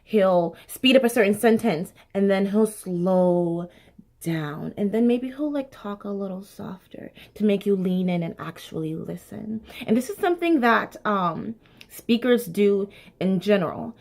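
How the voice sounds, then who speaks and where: A woman in her late twenties giving speaking tips in a casual vlog, chatty and expressive, with lots of "like" and "um" fillers and the odd swear. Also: medium pitch, measured pace, vocal fry. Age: late 20s. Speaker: actor sharing speaking tips. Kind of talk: casual talking-to-camera vlog.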